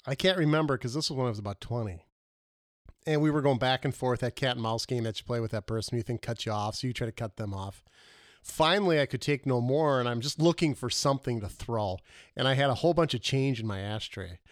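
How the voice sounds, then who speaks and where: A man co-hosting a casual comedy podcast, telling animated stories with laughs and fillers. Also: medium pitch, fast talker, no room sound, clean studio sound. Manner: animated storyteller, laughs often, trails off with fillers. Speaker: podcast co-host.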